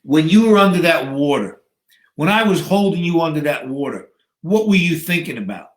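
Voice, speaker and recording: A man in his fifties voicing a stern older male trainer who delivers a hard lesson slowly and firmly. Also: a little high, lively intonation, lightly acted. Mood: solemn. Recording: echoey room.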